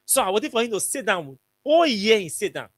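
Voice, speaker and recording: A man with a Liberian English accent, speaking in a high register. He hosts a radio talk show and tells his stories in an emphatic, colloquial way, hammering each point by repeating it, and his voice sounds close and dry in a studio. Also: sing-song, a little fast, no room sound. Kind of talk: casual storytelling commentary.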